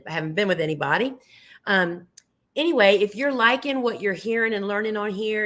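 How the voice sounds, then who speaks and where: A middle-aged woman chats her way through a live seed-starting demonstration. Her voice sits at a middle pitch and is going slightly hoarse. She talks homey and warm-hearted to her viewers as friends. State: losing her voice. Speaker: flower farmer hosting a live show. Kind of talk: casual live gardening demonstration.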